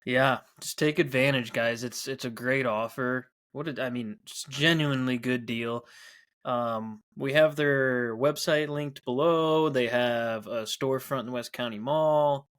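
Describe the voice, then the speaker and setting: A man's voice: mid-range voice, fairly even intonation, a little slow, fairly bright tone. Upbeat young male podcast host. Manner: upbeat, uses um and uh. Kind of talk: casual podcast chat and ad read.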